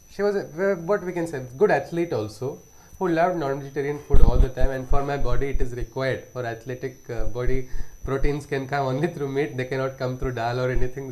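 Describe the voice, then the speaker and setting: A man, hosting a podcast and calmly retelling spiritual stories. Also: mid-range voice. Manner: unhurried, reflective retelling of parables. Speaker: podcast host. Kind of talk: spiritual storytelling talk.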